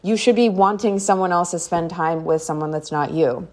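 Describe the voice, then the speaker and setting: A woman's voice: on the low side, moderate pace, a little mellow. Chatty woman telling her own story. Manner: casual, chatty, many fillers like "like" and "you know". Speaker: podcast host. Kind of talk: personal storytelling monologue.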